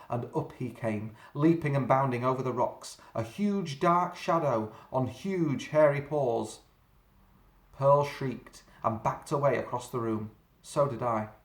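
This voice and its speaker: A man reading a children's story aloud, dramatic and slowing down for suspense. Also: mid-range voice. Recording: roomy echo.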